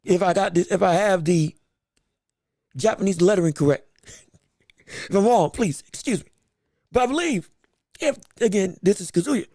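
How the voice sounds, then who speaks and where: A man hosting a casual boxing podcast livestream has a very high, gravelly voice. He rambles excitably and repeats words at a moderate pace with long pauses. The sound is dry, close, and free of echo.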